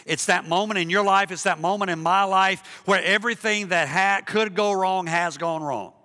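Pastor guy preaching hard, forceful bright voice, lots of hall echo. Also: sits high, moderate pace. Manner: impassioned, swings between hushed and loud, repeats himself. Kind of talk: sermon.

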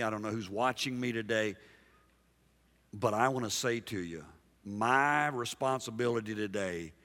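A man preaching a sermon as pastor, emphatic and dynamic, dropping soft and then rising loud while he calls out to the congregation. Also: on the low side. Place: large church sanctuary. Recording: long hall reverb from a big church.

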